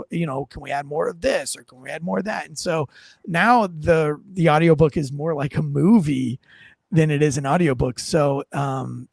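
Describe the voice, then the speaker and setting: A man hosting a podcast in casual chat, rambling and animated, often poking fun at himself, on a close studio mic. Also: fairly high pitch, gravelly, no echo. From North Carolina. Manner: rambling, animated, self-deprecating. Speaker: podcast host.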